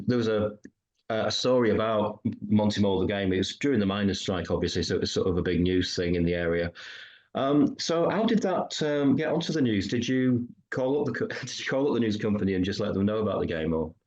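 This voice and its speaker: A man's voice: fairly low pitch, a little fast, darkish tone. A man from Yorkshire interviewing a guest, asking eager, fan-like questions with many fillers. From Yorkshire, England. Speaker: interviewer, podcast host. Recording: dull lo-fi sound.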